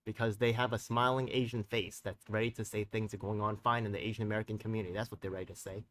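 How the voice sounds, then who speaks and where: A man acting as a community activist hosts a live stream, rambling in a heated, profane, slang-heavy way and constantly checking in with viewers through tag questions. His fairly low, level voice is a bit bright and comes through a distant mic.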